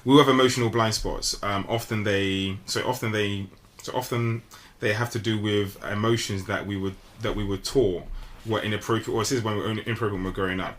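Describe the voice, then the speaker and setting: A man's voice: on the low side, fairly bright tone. A man co-hosting a casual podcast discussion, talking earnestly about a book with a little teasing. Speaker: podcast co-host.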